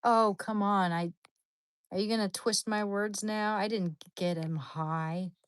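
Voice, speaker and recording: A woman's voice: a little slow, smooth, dry recording. Rambling, slangy woman livestreamer. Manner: rambling and animated, slangy, with sudden high squeals. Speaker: livestream host. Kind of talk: casual chat with viewers.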